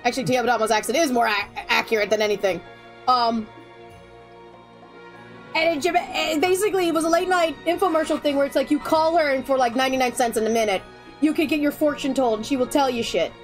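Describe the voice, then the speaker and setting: A woman's voice: high voice, fast talker. A woman chatting casually while playing a game, laughing often and swearing freely. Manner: laughs a lot, swears, talks over the game. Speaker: let's play co-host. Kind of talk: casual gameplay chat. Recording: game music behind.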